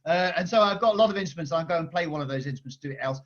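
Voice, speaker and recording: A male children's author answering schoolchildren's questions on a video call, chatty and energetic with many restarts. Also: a little high, very fast. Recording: dull lo-fi video call audio.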